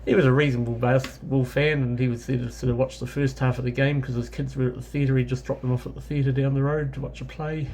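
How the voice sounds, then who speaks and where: A travel vlogger from New Zealand speaks quickly with few pauses, his mid-range voice darkish and showing little pitch movement. In his New Zealand accent he rambles through a casual travel anecdote, often correcting himself and using many fillers. The clip carries a slight hiss or hum.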